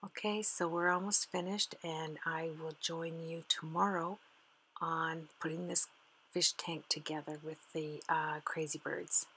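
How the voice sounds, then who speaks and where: Low, level-voiced woman crafter. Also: steady tone, unhurried, sharp tone, a little hiss or hum, low-quality recording. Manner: chatty, fond of her materials, talks while working. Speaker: card-making tutorial host. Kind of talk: casual craft demonstration narration.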